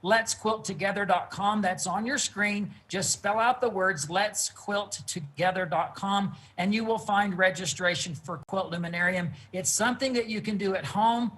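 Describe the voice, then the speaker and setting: A man, a guest quilt artist, telling stories in a relaxed interview from his studio over a video call. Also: high voice, slight background noise, poor audio. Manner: earnest, unhurried storyteller. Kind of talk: casual storytelling interview.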